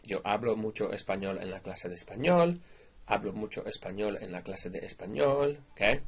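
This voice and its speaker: A man teaching Spanish verbs in a relaxed, informal recorded slide lesson. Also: fairly low pitch, husky. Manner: relaxed, informal explaining with fillers.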